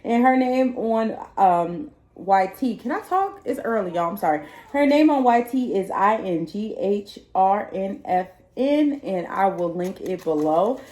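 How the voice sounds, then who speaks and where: A woman from Texas, chatting excitedly and laughing as she opens gifts on her vlog. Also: a little high, reverberant. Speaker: vlogger. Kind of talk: casual unboxing chat.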